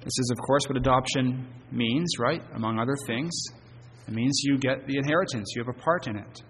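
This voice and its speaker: A man preaching an evening sermon, earnest, with emphatic stresses and phrase endings that drop soft. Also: mid-range voice, brisk, big-room sound, slight background noise. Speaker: pastor. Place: church sanctuary.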